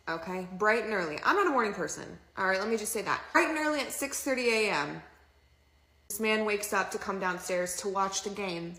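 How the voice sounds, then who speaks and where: A woman's voice: medium pitch, sharp tone, roomy sound. A woman telling a dating story in a casual, chatty, exasperated way, swearing freely. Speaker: TikTok storyteller.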